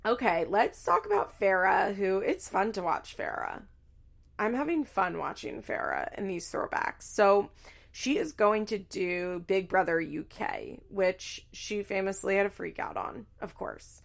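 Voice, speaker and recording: A woman with a gravelly, fry-laced voice talks through a recap in loose, casual commentary. She is blunt and swears freely, and she slips into quick impressions of the people she quotes. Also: medium pitch, lively intonation. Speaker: podcast host recapping a reality show.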